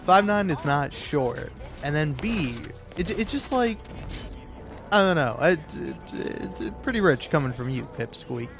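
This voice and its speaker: A man's voice: fairly high pitch, lively intonation, a little slow. A young man casually telling a rambling story while playing a game, often restarting his sentences, laughing and swearing. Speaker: gaming video creator.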